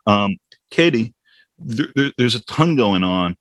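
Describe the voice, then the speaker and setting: Male host, low voice, halting delivery, dry close recording. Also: lively intonation, fairly bright tone, dry recording. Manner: halting, with repeated words. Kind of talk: casual conversation.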